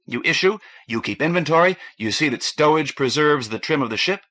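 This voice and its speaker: A man's voice: on the high side, lively intonation, a little fast, sharp tone, pitched above the performer's own voice. A man voicing a plainspoken, self-critical male starship captain. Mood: rueful.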